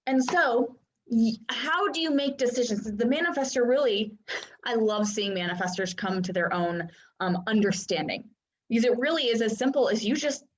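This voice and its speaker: A woman's voice: a little high, lively intonation, moderate pace. A woman coach teaching in a casual, chatty way and often checking in with listeners. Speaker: Human Design coach. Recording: dull lo-fi sound.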